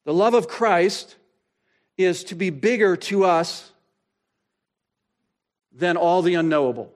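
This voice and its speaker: High-voiced, slow-preaching male pastor. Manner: expository preaching, rhetorical questions, dramatic pauses; slows down to stress key phrases. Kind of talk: sermon.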